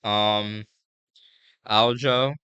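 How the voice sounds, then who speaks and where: A man's voice: on the low side, steady tone, drawn-out words, bright, forceful tone, clear, resonant tone, no echo, lo-fi sound. A man giving a casual, rambling fight breakdown, full of fillers and slang. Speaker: MMA fight previewer.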